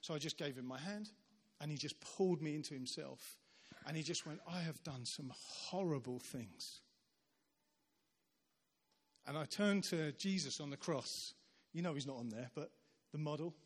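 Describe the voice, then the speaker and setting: A man's voice: a little high, fairly quick. Man preaching in a reverberant church hall. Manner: animated storyteller acting out quoted voices. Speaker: visiting preacher. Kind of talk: sermon storytelling.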